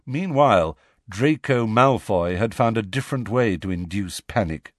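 A man reading a novel aloud as an audiobook narrator, with expressive storytelling. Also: lowish voice, normal speed, no room sound, clean studio sound. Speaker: audiobook reader. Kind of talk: scripted narration.

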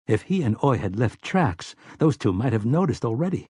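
A man narrating an audiobook in a steady, measured storytelling manner. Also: mid-range voice, breathy edge, dry recording, studio quality. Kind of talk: scripted narration.

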